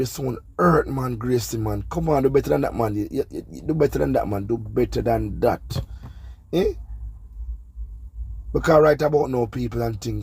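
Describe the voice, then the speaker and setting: A man's voice: medium pitch, warm tone, breathy edge. A Jamaican man hosting a gossip channel, talking casually and scolding, often asking "you see me". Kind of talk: casual commentary monologue.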